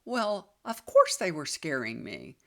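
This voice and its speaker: A woman's voice: low voice, huge pitch swings, unhurried, creaky, a bit bright. A woman, likely in her fifties, telling a personal story to viewers in a chatty, confiding way. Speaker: tarot reader and healer.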